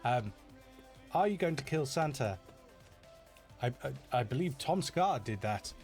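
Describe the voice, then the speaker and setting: A middle-aged Yorkshireman with a broad Yorkshire accent, chatting loosely through viewer questions in a live stream. He rambles in an easygoing, self-mocking way, full of ums and restarts, at a middling pitch, with faint music under him. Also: animated, measured pace, a little mellow. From Yorkshire, England. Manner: chatty and self-deprecating, many fillers and restarts. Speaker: animator answering viewer questions. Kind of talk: casual live Q&A.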